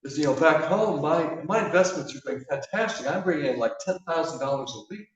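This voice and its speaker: A man voicing a calm, self-assured stranded man who soothingly tells his friend to relax and trust. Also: on the high side, voice pushed up, lightly acted. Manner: soothing, unhurried reassurance. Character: unflappable calm man, breezy and sure. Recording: echoey church hall from a distance, dull.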